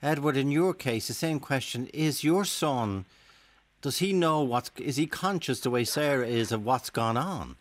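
A man hosts a radio interview and presses his guests with follow-up questions. His voice sits in an ordinary middle pitch. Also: expressive, unhurried, no echo. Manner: probing questions, brief acknowledgements. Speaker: radio host.

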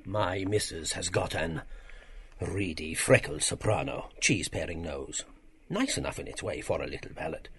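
A man's voice: sits low, moderate pace, fairly bright tone, breathy edge, full character voice. An actor playing a polite, reflective middle-aged man who muses aloud with hesitations.

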